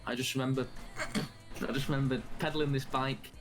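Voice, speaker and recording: A man's voice: mid-range voice, little pitch movement, moderate pace, music in the background. A man, a streamer guest telling rambling stories with swearing in a casual podcast chat. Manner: rambling anecdotal storytelling with frequent swearing.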